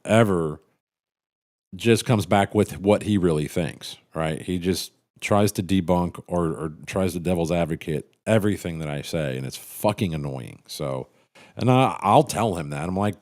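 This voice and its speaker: A middle-aged man with a very deep, low voice talks casually on his livestream. He rambles in a cynical, profane way, often stumbling and restarting his sentences while catching up on chat. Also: measured pace, darkish tone. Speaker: livestream host reading chat.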